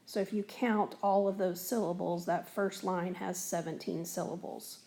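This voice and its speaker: A woman's voice: lowish voice, fairly even intonation, normal speed, vocal fry, mellow. A woman teacher explaining a lesson on a recorded whiteboard in a patient, step-by-step way, with frequent fillers. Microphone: tablet recording.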